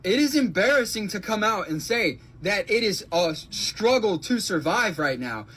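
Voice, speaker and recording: A man's voice: high voice, very animated, normal speed, a bit bright, slightly rough. A man ranting to camera in an exasperated, sarcastic way, swearing as he goes. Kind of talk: frustrated rant to camera.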